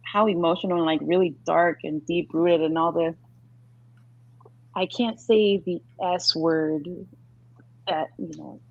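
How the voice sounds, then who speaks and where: A woman's voice: lowish voice, steady tone, measured pace, vocal fry, long pauses, darkish tone, muffled recording. A woman co-hosting a podcast, rambling in casual chat with lots of filler words. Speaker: podcast co-host.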